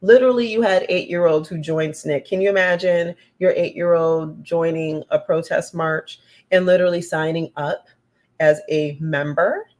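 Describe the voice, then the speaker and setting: A woman's voice: fairly low pitch, steady tone, moderate pace, darkish tone. A woman hosting a talk show, chatting casually with her listeners and repeating points for emphasis. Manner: chatty, addresses listeners as "y'all", emphatic repetition. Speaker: host.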